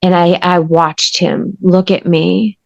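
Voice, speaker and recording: A woman with a fairly low voice recounts her story to an interviewer with earnest intensity. Her speech is conversational and emphatic. The sound is close and dry, with no room echo. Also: level tone, slow, vocal fry, lo-fi sound. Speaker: podcast guest.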